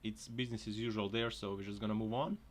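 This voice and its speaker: A man hosting a casual video, laughing often and shouting at what he sees on screen, joking as he goes. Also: lowish voice, fairly even intonation, fast talker. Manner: laughs often, exclaims loudly at crashes; jokey, slips into silly put-on voices. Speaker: host. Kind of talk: casual commentary over clips. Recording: noisy background.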